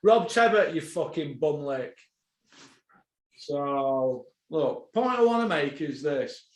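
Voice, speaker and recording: A man hosting a boxing podcast, ranting, swearing and bursting into shouts. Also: fairly high pitch, animated, takes it slowly, roomy sound.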